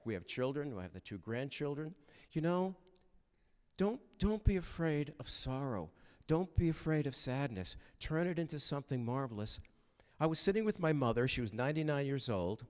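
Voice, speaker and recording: An older man giving a heartfelt, storytelling chapel talk at a university, animated and prone to halting restarts. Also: a little high. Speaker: guest chapel speaker. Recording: reverberant chapel hall.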